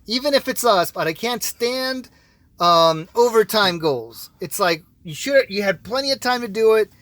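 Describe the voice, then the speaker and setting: A young man co-hosting a casual soccer podcast, gushing and excitable with drawn-out exclamations. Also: high-pitched, no echo. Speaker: co-host. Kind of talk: casual sports podcast chat.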